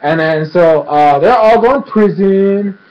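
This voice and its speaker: A man's voice: high voice, measured pace, a little mellow, dull audio. A man casually recapping a cartoon episode, rambling with lots of fillers and acting out the characters' lines. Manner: rambling, filler-heavy, acts out quotes.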